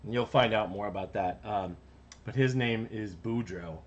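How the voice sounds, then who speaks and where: A man's voice: on the low side, moderate pace, muffled recording. A man, an animator, chatting casually on a live stream while he works, rambling and talking to himself. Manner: rambling, self-talk while working.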